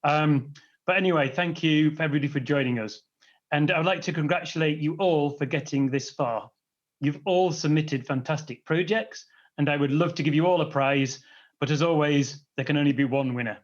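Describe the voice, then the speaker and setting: A man with a somewhat high voice presents an award at an online ceremony. He sounds friendly and a little halting, and the audio is dull and lo-fi. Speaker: award presenter, company executive.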